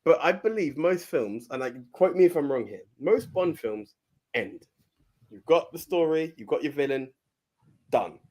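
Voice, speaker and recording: A man's voice: a little high, animated, moderate pace, darkish tone. A young man co-hosting a movie podcast, speaking in a casual, hesitant way with frequent restarts. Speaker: podcast co-host.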